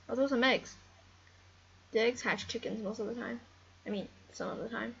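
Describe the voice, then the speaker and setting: A woman giving casual, excitable game commentary, rambling and talking to the animals on screen. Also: on the high side, moderate pace, creaky, pauses often, breathy edge, lo-fi sound. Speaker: gameplay commentator.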